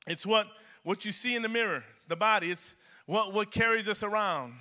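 A man's voice: high-pitched, normal speed, bright, forceful tone. A man preaching a sermon in a church as pastor, repeating phrases and building emphasis. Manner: preaching with rising emphasis and repetition.

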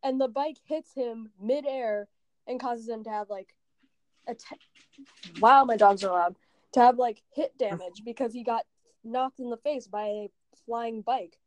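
A young woman co-hosting a casual chat about a video game, an animated storyteller who acts out what people said. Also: a little high, unhurried, dry recording. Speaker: podcast co-host. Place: at home.

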